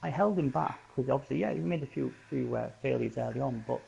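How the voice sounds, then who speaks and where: A man talking as a team coach in a casual post-game chat, halting and hesitant as he explains himself. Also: mid-range voice, creaky, darkish tone, highs cut off, slight background noise.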